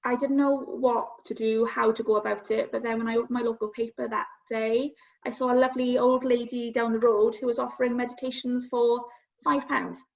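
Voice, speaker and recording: A woman's voice: on the high side, level tone, gravelly. Earnest woman on a dull line. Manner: earnest, halting, self-searching. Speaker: guest. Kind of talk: personal storytelling in interview. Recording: dull lo-fi sound.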